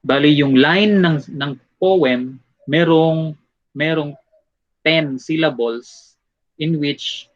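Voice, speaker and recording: A man with a Filipino accent teaching an online exam review class. He switches languages and uses many fillers, and he explains slowly and reads examples aloud. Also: a little high, dry recording. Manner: switches between English, Tagalog and Cebuano with many fillers. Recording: dull lo-fi audio.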